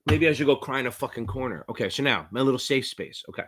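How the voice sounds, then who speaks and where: A middle-aged man with a New Jersey accent, tutoring on a live-stream Q&A in a rambling, profane, excitable way. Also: mid-range voice, quick pace, breathy edge. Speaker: exam prep tutor.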